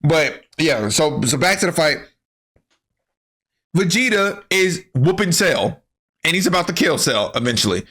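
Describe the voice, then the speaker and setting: A man giving a comedic, profane anime recap, animated and full of slang. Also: fairly high pitch, unhurried. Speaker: anime commentary creator.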